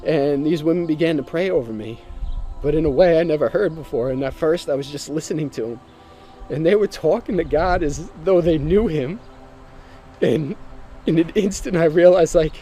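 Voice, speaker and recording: A man's voice: fairly high pitch, normal speed, mellow. A man earnestly and emotionally telling his personal testimony, sometimes repeating himself as he speaks.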